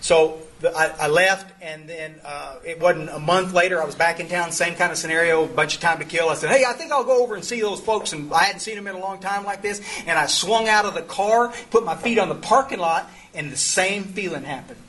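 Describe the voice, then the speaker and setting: With a high, fairly bright voice, a middle-aged man talks a little fast and barely pauses. He's a sponsor leading a twelve-step study, telling the group a rambling, humorous folk-style story full of restarts and self-interruptions.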